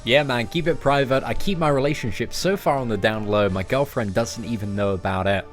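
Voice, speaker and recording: A man's voice: mid-range voice, brisk, faint music behind. A young man chatting casually on a live game stream, joking and answering his viewers. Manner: chatty, joking, reads out chat messages.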